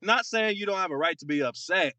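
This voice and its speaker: Animated young man ranting about football. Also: high-pitched, fairly quick, no room sound. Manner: animated, mocking, exasperated; frequent fillers and repeated words. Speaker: podcast co-host. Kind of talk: casual sports podcast rant.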